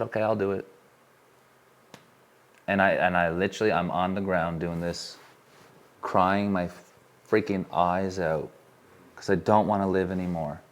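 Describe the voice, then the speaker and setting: Deep-voiced man leading a workshop. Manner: candid, earnest personal storytelling; asks the room questions. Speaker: workshop speaker. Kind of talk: live workshop talk to an audience. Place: room with a small live audience.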